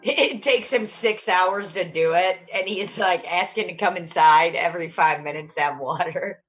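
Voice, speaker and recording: A woman hosting a podcast in casual chat, telling animated stories and swearing freely. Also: fairly low pitch, normal speed, highs cut off. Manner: chatty storyteller, swears freely, animated retelling. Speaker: podcast host.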